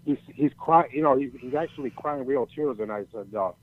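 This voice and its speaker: An older man spins a loose, meandering story in casual conversation, his speech full of cursing and false starts. His voice sits at an ordinary pitch. The sound is thin and tinny, like a phone line. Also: fairly quick. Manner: rambling, profane, many restarts. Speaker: storyteller guest.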